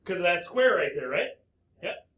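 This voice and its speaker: A man's voice: high voice, very animated, normal speed, fairly bright tone. A man teaching a recorded math lesson, working through problems step by step and asking himself questions aloud before answering them.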